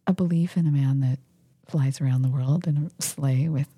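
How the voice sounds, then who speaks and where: A woman playing a wary breathy fugitive. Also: very deep voice, normal speed, dry recording, clean studio sound. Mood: skeptical. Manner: hushed, half-whispered, practical and teasing. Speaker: podcast co-host. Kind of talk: improvised comedy skit.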